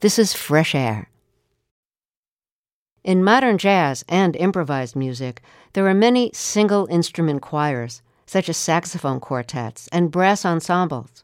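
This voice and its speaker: A woman radio host reads a scripted introduction in a measured, even manner. Her voice is smooth and resonant and sits a little low. It is recorded close on a studio microphone with a dry, dead sound. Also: no room sound.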